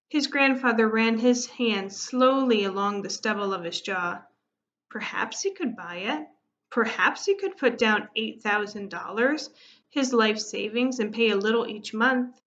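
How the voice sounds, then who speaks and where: A woman teacher narrating a storybook aloud to her class in a steady, expressive manner. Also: a little high, measured pace, a little hiss or hum. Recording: muffled lo-fi recording.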